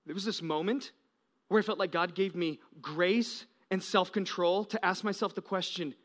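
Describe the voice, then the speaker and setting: Here an American pastor in his thirties preaches with lively storytelling, moving between loud moments and quiet ones. His voice sits high, and he speaks at a moderate pace.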